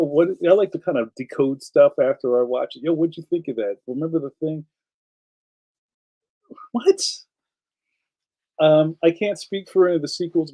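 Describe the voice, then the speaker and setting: This slightly high, warm male voice comes through a low-quality streaming setup. He's a Philadelphia man hosting a casual live stream, rambling from one topic to the next and answering viewer comments.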